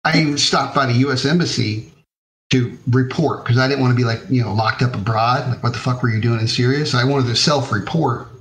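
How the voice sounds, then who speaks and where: A man's voice: medium pitch, fairly quick, fairly bright tone, poor audio. A man from the United States, an army veteran, telling war stories in a casual, profane, laid-back way on a podcast. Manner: profane, laid-back storytelling with frequent fillers. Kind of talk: casual storytelling interview.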